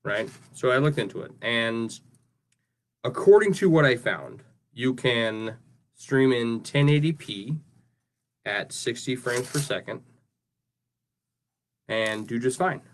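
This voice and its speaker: Taking it slowly, with long pauses and lively intonation, a medium-pitched man talks through his craft work on a livestream against slight background noise. His talk is casual and rambling, and he often ends sentences with "right?"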